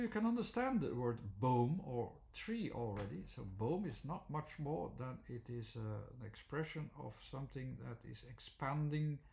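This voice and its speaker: Guy explaining stuff slowly, lots of uhs, bit of gravel in the voice. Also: mid-range voice, a little mellow. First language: Dutch. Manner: halting, many fillers and restarts. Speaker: teacher. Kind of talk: unscripted explanatory talk.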